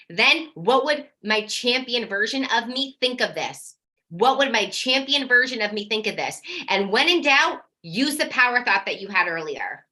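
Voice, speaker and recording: A woman coaching parents in a live workshop, talking directly and energetically, now and then acting out their worried questions. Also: fairly high pitch. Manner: energetic, direct, casual swearing.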